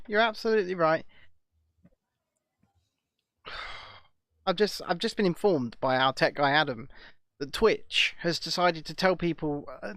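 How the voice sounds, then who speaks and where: Lively high-voiced male stream host. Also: no room sound, clean studio sound. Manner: chatty, stammering restarts, reads chat comments aloud. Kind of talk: casual live-stream chat.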